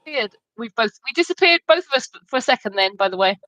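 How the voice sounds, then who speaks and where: A woman's voice: a little high, animated, fast talker, a bit bright, no echo, low-quality recording. A woman co-hosting a home livestream, chatting cheekily with her co-host and reading out viewer comments. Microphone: home livestream setup.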